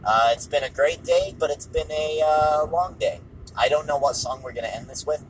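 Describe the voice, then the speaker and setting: A man's voice: on the high side, normal speed, a little hiss or hum, rough recording. A tired, hungry man hosting a casual solo podcast, offhand and dismissive, repeating himself, recorded in a car. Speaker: podcast host.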